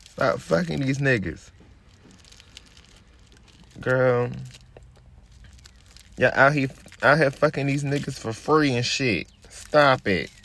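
A man, ranting on his podcast in a brash, profane, casual way. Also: fairly bright tone. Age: 20s. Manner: drops into a low, laid-back murmur while rolling a blunt. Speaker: podcast host. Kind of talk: casual rant.

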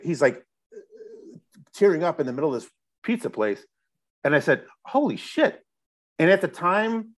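A middle-aged man from Chicago, a musician guest telling a long story in a loose, rambling way, restarting his sentences and swearing now and then. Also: fairly high pitch. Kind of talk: casual storytelling interview.

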